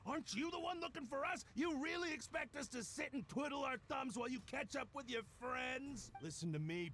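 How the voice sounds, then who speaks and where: A man's voice: extremely high pitch, animated, fairly quick, crowd noise. An actor playing a pushy, blustering male debt collector in a video game. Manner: demanding, blustering. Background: game music.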